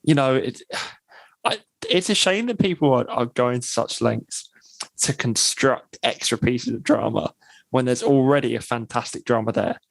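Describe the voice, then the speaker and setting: A man's voice: medium pitch, normal speed, gravelly, no echo, rough recording. A man co-hosting a podcast in casual chat, talking things through in thoughtful, longer runs. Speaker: podcast co-host.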